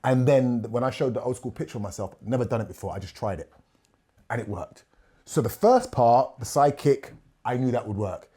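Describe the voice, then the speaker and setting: A man, a podcast guest telling stories in a casual, animated way, acting out other people's words as he goes. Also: mid-range voice, a little fast, slightly rough. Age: 50s. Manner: animated, repeats words, quotes others at length. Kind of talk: casual storytelling.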